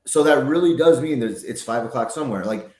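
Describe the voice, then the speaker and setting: A man in his forties tells a rambling story in a casual group chat, excitable and jokey. His voice sits at an ordinary middle pitch. The sound carries a roomy echo. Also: fast talker. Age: 40s. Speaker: co-host.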